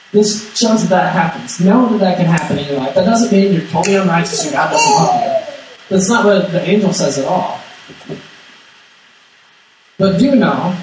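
A man giving a conversational sermon in a slightly high voice, stumbling over repeated words and slipping into the voices of the people he quotes. He sounds distant from the mic in a strongly echoing hall with faint noise underneath. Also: darkish tone. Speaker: preacher. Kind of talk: sermon, conversational Bible teaching.

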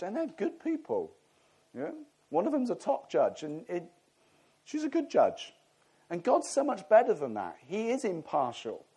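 A man's voice: sits high, darkish tone, husky. A middle-aged man preaching a sermon in a conversational, humorous way, as the church's pastor.

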